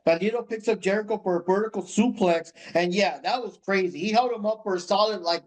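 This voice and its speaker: A young man co-hosting a podcast, rambling through match recaps in a casual, animated way with lots of filler words. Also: high-pitched, quick pace. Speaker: podcast co-host.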